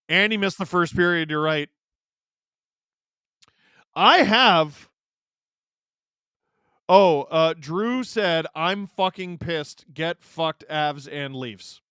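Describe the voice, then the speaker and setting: A man's voice: on the high side, a bit bright, clean tone, no room sound, studio quality. A man hosting a live stream, giving casual sarcastic commentary while watching a game and reading chat questions aloud. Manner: sarcastic, joking banter.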